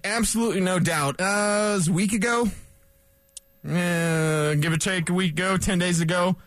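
A middle-aged Colorado man hosts a sports talk radio show, speaking fast and excitedly with small chuckles between thoughts. His voice is high for a man and he sounds slightly breathless, captured on a close, dry mic with no room sound.

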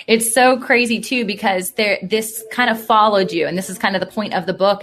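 A woman's voice: medium pitch, fairly bright tone. A woman with a mid-range voice hosts a podcast interview. She is encouraging and keeps chiming in with short affirmations while her guest talks. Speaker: podcast host.

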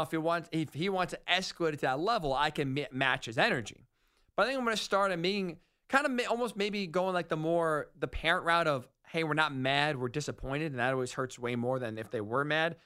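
A man hosting a sports talk radio show, rambling and animated, often correcting himself mid-sentence. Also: a little high, clear, resonant tone.

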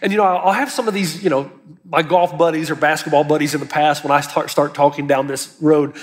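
Earnest high-voiced male preacher. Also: steady tone, brisk, big-room sound. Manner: earnest, emphatic preaching with rising urgency. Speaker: pastor. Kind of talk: sermon.

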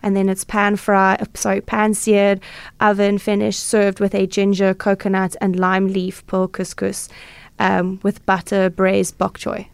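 A woman's voice: medium pitch, monotone, measured pace, vocal fry, clean tone, dry recording. A woman guest on a radio interview, describing restaurant dishes in a hesitant, informal way with many fillers. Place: radio studio.

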